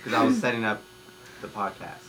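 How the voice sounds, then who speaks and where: A man's voice: fairly low pitch, very animated, a little fast, a bit bright. A young man hosting a podcast in loose, joking casual chat, often repeating himself. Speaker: podcast host.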